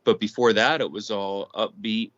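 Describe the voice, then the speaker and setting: Low-voiced musician, dry and muffled. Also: male voice, fairly even intonation, normal speed, a bit bright, no echo. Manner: thoughtful, hesitant, many fillers. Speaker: musician guest. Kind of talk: casual conversation.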